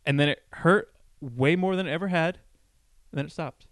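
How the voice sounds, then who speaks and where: A man's voice: on the high side, moderate pace, a bit bright, no echo. A young man casually telling a long personal story on a podcast, rambling and full of "like". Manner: rambling, heavy on filler "like".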